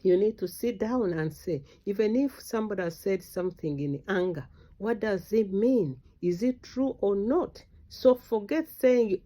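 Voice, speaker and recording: A woman's voice: mid-range voice, animated, a little slow, hardly any pauses. Fervent Ugandan woman activist. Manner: fervent, exhorting, with sudden loud outbursts. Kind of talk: impassioned political speech.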